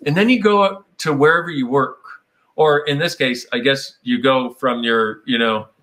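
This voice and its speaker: A man with a bright, forceful tone talks in a loose, conversational way. He meanders and reflects as he goes, at a middling pitch. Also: moderate pace. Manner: meandering, reflective, slips into playful quoted voices. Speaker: speaker on personal growth. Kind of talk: casual conversational talk.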